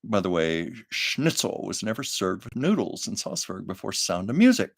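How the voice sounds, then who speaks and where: Deep, gravelly, and husky, the man's voice swings widely in pitch at a moderate pace. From his home livestream he casually recounts show-business anecdotes, laughing frequently and stopping to read viewers' comments aloud.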